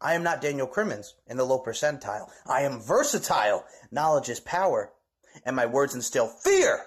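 A man cutting a theatrical wrestling promo, boastful and rhyming, swinging between loud hype and low growls. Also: very animated, moderate pace. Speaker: amateur wrestling promo performer.

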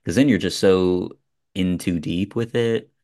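A man with a very low voice hosts a relaxed conversation. He reacts quickly and laughs easily along with his guest. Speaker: podcast host. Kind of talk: casual interview chat.

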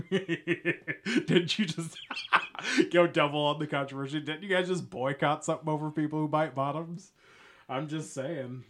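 A man hosting his own podcast alone, talking in a rambling, jokey way with frequent chuckles, swinging between low mutters and loud bursts. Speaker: podcast host. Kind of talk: casual solo podcast monologue.

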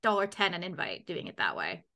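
A young woman hosting a casual chat, bubbly, with quick asides and repeated words as she starts her sentences. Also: on the low side, huge pitch swings, pushed and bright. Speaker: podcast host.

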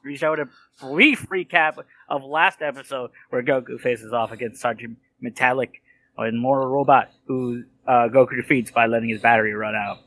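An easygoing man co-hosts a casual podcast and recaps the story plainly. His voice is bright and forceful, and it is recorded close and dry with no room sound. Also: mid-range voice, steady tone, normal speed, dry recording. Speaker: podcast co-host. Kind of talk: casual chat.

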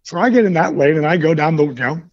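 A man's voice: fairly high pitch, expressive, fast talker, dull audio. A man, a former wrestler, telling a profane story in a podcast interview with a lot of animation. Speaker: retired wrestler and yoga program founder.

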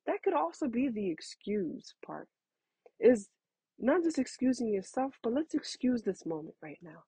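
A woman's voice: fairly high pitch, very animated, normal speed, warm tone, husky, no echo, rough recording. A woman in her thirties giving frank, conversational parenting advice, calling the listener honey. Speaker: parenting talk host. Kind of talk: casual advice talk.

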